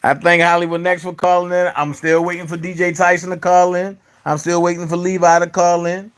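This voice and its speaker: A man's voice: high-pitched, little pitch movement, a little fast, clear, resonant tone. Boastful male live-stream host. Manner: joking, boastful. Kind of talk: casual live-stream chat.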